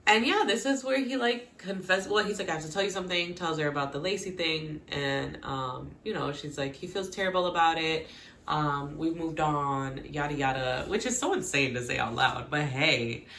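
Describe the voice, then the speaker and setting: A woman casually recapping a TV episode with lively, animated reactions, quoting the characters and laughing often. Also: low-pitched, moderate pace, echoey room, slight background noise. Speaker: recap vlogger.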